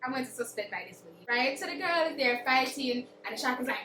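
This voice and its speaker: A woman's voice: sits high, animated, fast talker, hardly any pauses, sharp tone, slight background noise. A young woman, chatting through a dramatic, casual book recap. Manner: chatty, dramatic retelling with acted quotes. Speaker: book vlogger. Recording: roomy echo, distant mic.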